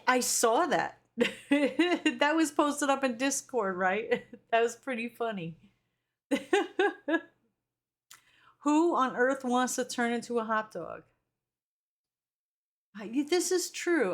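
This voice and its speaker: A woman streamer chatting casually on a live stream, reading viewer comments aloud and talking in an animated way with the odd swear. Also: fairly high pitch, slow pace, long pauses.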